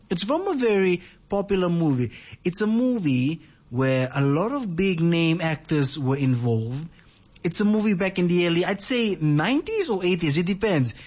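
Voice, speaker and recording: A man hosts a late-night radio show in a relaxed, talkative way. His voice sits a little high, and he keeps repeating himself and asking his listeners if they follow. He speaks into a studio microphone. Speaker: radio host.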